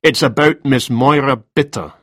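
A man's voice: medium pitch, moderate pace, fairly bright tone, breathy edge, dry recording, clean studio sound, pitched above the performer's own voice. A man voicing a terse, coolly formal male detective inspector in an audiobook. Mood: firm.

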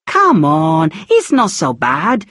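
A reader voicing a kind, motherly middle-aged housekeeper who speaks gently and coaxingly. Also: high voice, big pitch swings, a little slow, no room sound, studio quality, voice pushed up.

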